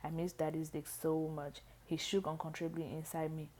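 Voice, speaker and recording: Woman reading a book out loud, low voice, stumbles and restarts a lot. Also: level tone. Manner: halting, frequent restarts and stumbles. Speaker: reader.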